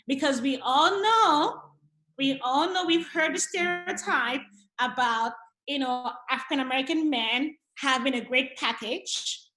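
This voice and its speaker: A woman on a reality TV recap panel, talking in animated, casual chat and repeating words when excited. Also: high voice, a little slow, echoey room, poor audio.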